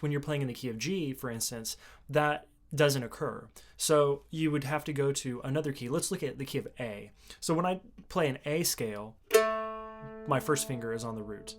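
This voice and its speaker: A man giving a casual video lesson on the mandolin, explaining in a relaxed way with fillers and restarts. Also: medium pitch. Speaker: mandolin teacher. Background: mandolin playing between phrases.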